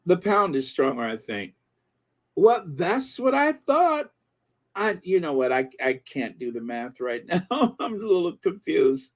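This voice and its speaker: A man's voice: fairly high pitch, big pitch swings, unhurried. A man hosting a live stream, chatting casually and rambling through viewer comments with many fillers. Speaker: channel host reading viewer comments.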